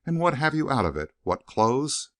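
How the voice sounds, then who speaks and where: A man's voice: mid-range voice, very animated, normal speed, no room sound, studio quality, voice pushed up. A man reading a blunt, suspicious gambler. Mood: probing. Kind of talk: audiobook character reading.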